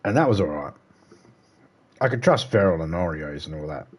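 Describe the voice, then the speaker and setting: Aussie guy streaming a game, kinda low voice, rambly and sweary. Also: lively intonation, normal speed, slightly rough. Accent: Australian. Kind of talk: casual livestream chat.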